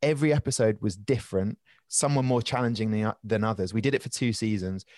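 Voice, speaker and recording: Animated man telling stories, dry close sound. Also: lowish voice, dry recording. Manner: animated, rambling anecdotes with restarts and quick asides. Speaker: podcast guest. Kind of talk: casual storytelling chat.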